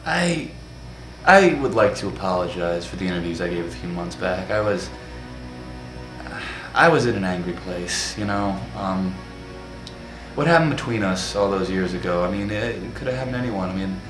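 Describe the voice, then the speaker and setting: A man playing a calm, remorseful deep-voiced man. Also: moderate pace. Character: calm remorseful man who has made peace. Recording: echoey room, clear music behind.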